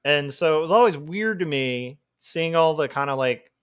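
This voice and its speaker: A man who is a comic artist, chatting casually on a livestream while he draws, thinking out loud with lots of fillers and restarts. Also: fairly high pitch, lively intonation, normal speed, smooth. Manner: thinking aloud, rambling with fillers. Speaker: comic artist streaming his work.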